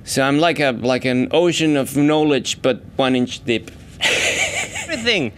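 A man and stand-up comic talking about himself in a loose, animated way. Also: moderate pace, slight background noise. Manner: animated, jumps into high mock voices for quoted people. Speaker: stand-up comedian. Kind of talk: stand-up set and interview.

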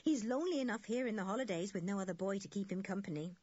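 A kindly farmer's wife, voiced by a woman narrator talks in a brisk, welcoming way. The voice is breathy, and the recording sounds dull. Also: medium pitch, lively intonation, a little mellow, dry recording. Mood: hospitable. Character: kindly, busy farm mother.

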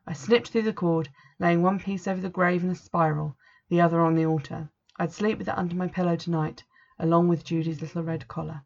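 A woman narrating a first-person story in a measured, earnest way, on a dull lo-fi recording. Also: lowish voice, steady tone, vocal fry, darkish tone.

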